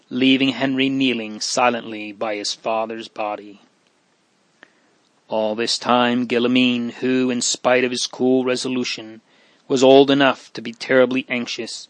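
A man reading a story aloud in a slow, measured, hushed and solemn manner. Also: medium pitch, dry recording. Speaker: narrator. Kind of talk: audiobook reading.

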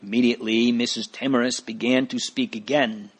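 A man narrating a story aloud in a calm, deliberate way. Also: medium pitch, breathy edge.

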